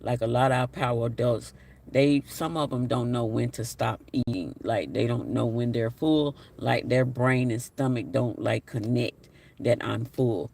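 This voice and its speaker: A man's voice: medium pitch, measured pace, creaky, darkish tone, distant mic, slight background noise. A man hosting a casual live stream, chatting and reading viewer comments aloud with an apologetic manner. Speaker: livestream host.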